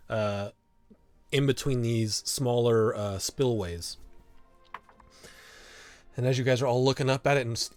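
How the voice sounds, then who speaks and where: Acting as game master, a man narrates a tabletop game, often halting, restarting, and filling gaps with fillers. His voice is mid-range, with no echo.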